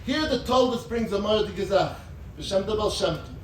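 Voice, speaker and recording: A man giving a rabbinic talk. He tells a Hasidic story in an animated way, with sudden shouts and quick asides. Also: high-pitched, slight background noise. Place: gathering in a large room. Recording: echoey room, mic at a distance.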